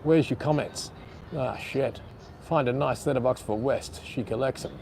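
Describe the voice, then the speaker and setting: A man's voice: mid-range voice, moderate pace, vocal fry, darkish tone, slight background noise. An Australian man live streaming outdoors in a city on a phone gimbal, rambling bluntly and swearing casually while reading out chat comments.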